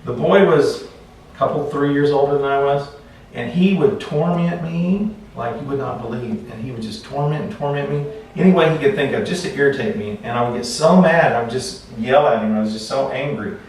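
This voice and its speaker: A man teaching a class in a relaxed, conversational way, telling stories and often restarting his sentences. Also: medium pitch, brisk. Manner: conversational, repeats words when restarting. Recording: echoey room, far from mic, faint noise.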